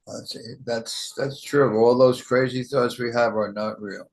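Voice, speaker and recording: A man leading a spiritual study group in a gentle, measured way, thanking each speaker in turn. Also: medium pitch, fairly even intonation, creaky, low-quality recording.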